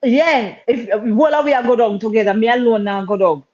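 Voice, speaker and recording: A woman's voice: fairly high pitch, brisk, crowd noise. A woman with a Jamaican accent, co-hosting a casual live-stream chat and telling stories in patois, often repeating her words. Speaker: co-host. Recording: dull lo-fi stream audio.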